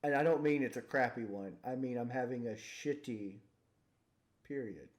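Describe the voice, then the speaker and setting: A man co-hosting a casual comedy chat, joking and acting out voices with deadpan punchlines. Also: mid-range voice, normal speed. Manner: jokey, acts out silly voices, deadpan punchlines. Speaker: podcast co-host.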